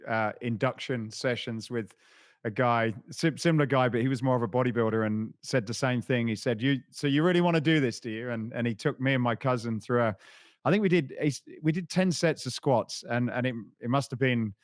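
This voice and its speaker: A man's voice: mid-range voice, brisk, no echo, clean studio sound. A man hosting a podcast, sharing an anecdote and asking questions with many hesitant restarts. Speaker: podcast host. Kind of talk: conversational interview.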